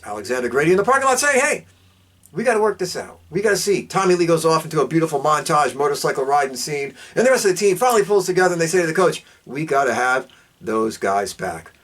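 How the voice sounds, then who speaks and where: A man with a fairly high voice hosts a podcast and recaps a film's plot in a fast, loose, excitable ramble. He slurs through fillers and keeps the story moving in a casual style. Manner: excitable, rambling, jumps up and down in pitch. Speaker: podcast host reviewing a film.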